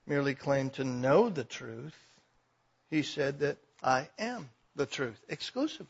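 A man preaching a sermon, swinging between loud declarations and quiet asides. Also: mid-range voice, husky, dull audio. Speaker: pastor.

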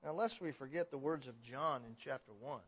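A man preaching a sermon, building from steady explanation to loud, emphatic declarations. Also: medium pitch, brisk, slightly rough. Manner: swells to emphatic, raised declarations. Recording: dull, lo-fi recording.

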